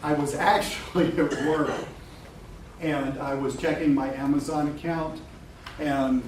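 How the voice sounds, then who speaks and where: A man's voice: on the high side, fairly even intonation, unhurried. A middle-aged man giving a live webinar talk to a room of people, candid and joking, swearing and laughing often. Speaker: webinar presenter. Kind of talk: casual live talk to an audience. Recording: echoey room from a distance with background noise.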